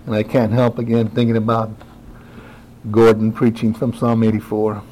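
A man preaching a sermon who talks directly to his congregation, moving from quiet asides to rising, emphatic exclamations. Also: fairly low pitch, level tone, normal speed, a little hiss or hum, poor audio.

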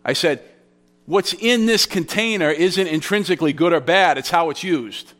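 A man delivers a sermon with a somewhat high voice, in a plain conversational teaching tone. He walks through grammar points, often repeating key phrases for emphasis. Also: normal speed, fairly bright tone. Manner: conversational storytelling with restarts. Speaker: pastor. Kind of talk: expository sermon.

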